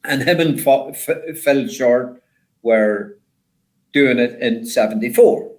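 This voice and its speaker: An older man, a former rally driver, telling stories in a rambling, animated way with lots of repeated words. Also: medium pitch, slow pace, poor audio. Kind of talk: casual storytelling chat.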